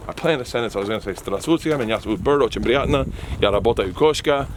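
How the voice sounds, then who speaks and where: A man's voice: mid-range voice, fast talker, a little hiss or hum. A man telling a long comic story, acting out the voices of the people in it and laughing often. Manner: excitable, acts out voices, laughs a lot. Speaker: comedian guest. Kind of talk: animated storytelling.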